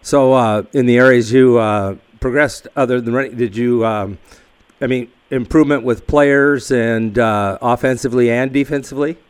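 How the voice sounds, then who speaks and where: A man interviews a high school football coach for a radio sports show. His voice is mid-range, and his questions come out haltingly, padded with fillers and restarts. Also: clean tone.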